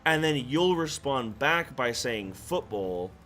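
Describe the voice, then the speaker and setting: A man's voice: mid-range voice, animated, slow, fairly bright tone, soft background music. A man with a mixed English and American accent, streaming a game and chatting casually with his viewers in a rambling way full of restarts. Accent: mixed English and American, shifting. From half English, half American. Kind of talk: casual chat to a live chat while gaming.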